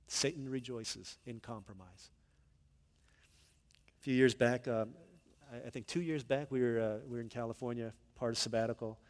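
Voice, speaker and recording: Animated male preacher in a big hall. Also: mid-range voice, moderate pace, long pauses. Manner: animated storytelling, conversational. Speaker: pastor. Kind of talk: sermon. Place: church sanctuary.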